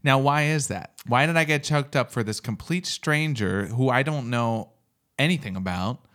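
A man's voice: mid-range voice, normal speed, a bit bright. Candid joking man in casual chat. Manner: candid, jokey, self-mocking. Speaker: podcast co-host.

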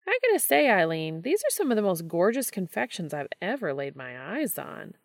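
A woman's voice: medium pitch, very animated, moderate pace, no echo, clean studio sound. A woman voicing a brash, joking male game show host in a fan story reading. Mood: teasing showman. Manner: teasing, showy.

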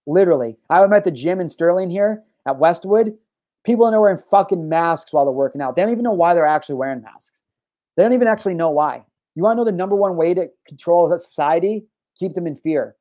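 A man's voice: a little high, a little mellow, dry recording. A man hosting a podcast, delivering a heated, profane monologue, often repeating himself and restarting his sentences. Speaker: podcast host. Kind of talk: ranting monologue.

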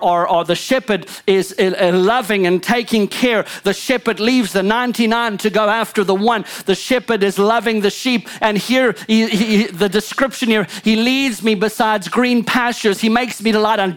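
A woman pastor gives an animated sermon, trading loud emphasis for low murmured asides and back again. She often calls out "come on" and "amen" to the congregation.

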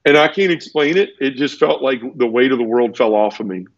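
A man's voice: medium pitch, animated, brisk, no room sound. Teary, earnest man telling his story. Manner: earnest, repeats words and restarts often. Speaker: interview guest. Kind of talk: emotional personal storytelling in conversation. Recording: dull lo-fi dry sound.

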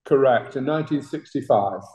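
An older British man spins long, chatty anecdotes as an interview guest and chuckles between the punchlines. His voice sits at an ordinary mid pitch, and the room around him rings with echo. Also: a little fast, a little mellow. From Britain. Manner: chatty, laughs through his stories. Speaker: guest, talent manager.

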